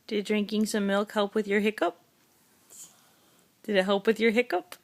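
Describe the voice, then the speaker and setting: A woman's voice: mid-range voice, steady tone, moderate pace. A young adult woman, a mother at home, coaxing her toddler with simple questions she repeats over and over. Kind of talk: home video chat with a toddler.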